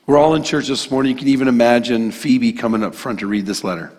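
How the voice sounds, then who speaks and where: A man delivers a sermon in a conversational, emphatic style, slipping into casual asides. His voice sits at an ordinary male pitch. It rings out with a long hall reverb from the church around him. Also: fast, a little mellow. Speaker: pastor. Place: church sanctuary.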